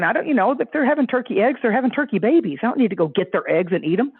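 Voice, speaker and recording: A woman's voice: animated, racing, hardly any pauses, husky, no echo. Effusive woman on a tinny phone line. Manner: effusive, jumps into high voices quoting others. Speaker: astrologer guest. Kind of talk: animated storytelling chat.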